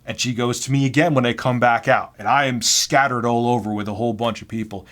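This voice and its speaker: A man's voice: mid-range voice, fairly even intonation, quick pace, fairly bright tone. A man telling personal work stories to camera in a casual, blunt, self-deprecating way. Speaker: vlogger. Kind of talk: casual storytelling.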